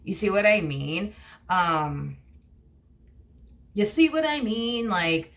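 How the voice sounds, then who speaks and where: A woman's voice: medium pitch, lively intonation, slow, a bit bright, slight background noise. A woman giving a casual tarot reading to camera, rambling and full of fillers like "you know what I mean". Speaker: tarot reader.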